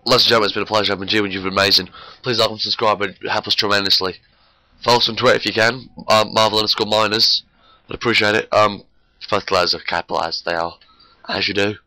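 A man's voice: fairly low pitch, steady tone, quick pace, sharp tone, no room sound, rough recording. A man hosting a gaming channel with casual, rambling gameplay commentary and self-mocking jokes, talking through a sore throat.

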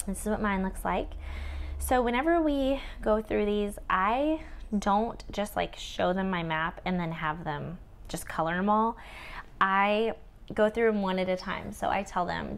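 A woman's voice: mid-range voice, a little slow, vocal fry. A young woman, a homeschool tutor, walking through her lesson plan and acting out the prompts she gives children in a sing-song teacher voice.

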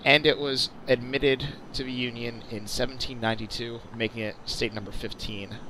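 A man's voice: mid-range voice, flat delivery, moderate pace, noisy background. Chatty young man narrating a sim flight. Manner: chatty, lots of uh fillers and restarts. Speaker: video host. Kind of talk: casual flight sim commentary.

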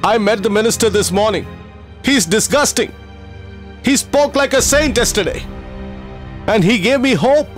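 A man's voice: high-pitched, expressive, moderate pace, pauses often. A man dubbing a kind middle-aged teacher who runs a school for poor children, speaking with heartfelt sorrow. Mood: bitter. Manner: heartfelt, grieving, apologetic. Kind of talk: dubbed film acting. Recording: film soundtrack with loud music.

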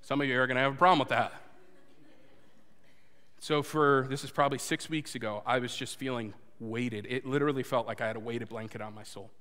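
A man preaching a sermon and telling a personal story, earnest, moving between loud urging and hushed confession. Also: mid-range voice, steady tone, a little fast. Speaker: pastor. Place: church sanctuary before a congregation. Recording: long hall reverb.

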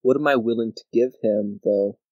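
Casually commenting on his board game video game play, a man talks to himself, counts out squares, and directs mock-angry grumbles at his opponent. He speaks at medium pitch and normal speed on a lo-fi recording with no room sound.

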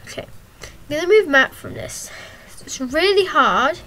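Woman, high bright voice, gameplay commentary, rambling with ums, slow unhurried delivery, yelps at crashes. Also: sing-song. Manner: rambling and hesitant, many ums; yelps and exclaims at in-game crashes. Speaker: gameplay channel host.

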